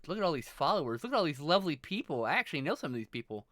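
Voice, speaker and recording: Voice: medium pitch, big pitch swings, rapid-fire, dry recording. A live streamer chatting casually with viewers, thanking them and swearing freely. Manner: greets and thanks viewers warmly.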